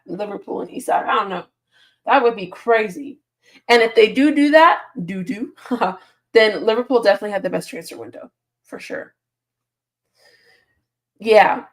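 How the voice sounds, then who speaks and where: A woman hosting a casual live stream, reading viewer comments aloud and answering them with frequent laughs, sleepy and yawning. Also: mid-range voice. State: sleepy, yawning early in the morning. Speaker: football channel host reading live chat.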